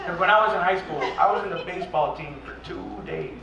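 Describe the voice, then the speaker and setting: A man performing a stand-up routine, telling a story with profanity and yelling the lines of the people he quotes. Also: high voice, quick pace, recorded from a distance, over a noisy crowd. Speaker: stand-up comedian. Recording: echoey live club recording from afar, dull. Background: loud audience and noise.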